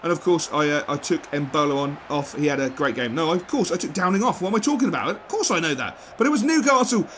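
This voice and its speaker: High-pitched man, excitable, football game commentary, faint hiss behind. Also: fast talker, few pauses. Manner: excitable, swings from rants to mutters. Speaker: gaming YouTuber.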